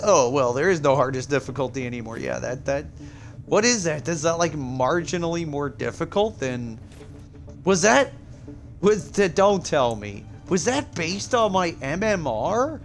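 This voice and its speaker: List. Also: male voice, on the high side, moderate pace, faint music behind. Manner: incredulous, excitable, loud exclamations. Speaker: game streamer. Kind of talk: live stream commentary.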